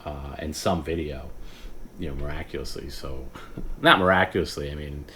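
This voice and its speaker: A man hosting a casual late-night stream, rambling, often laughing and breaking into hushed imitations of others. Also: very deep voice, moderate pace, slight background noise. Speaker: podcast host.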